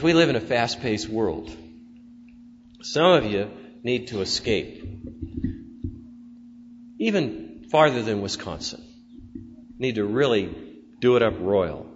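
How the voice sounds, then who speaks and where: A man preaching a sermon as pastor, rising to loud emphatic declarations and dropping to soft prayerful tones. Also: fairly low pitch. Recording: dull sound with long church reverb and faint hum.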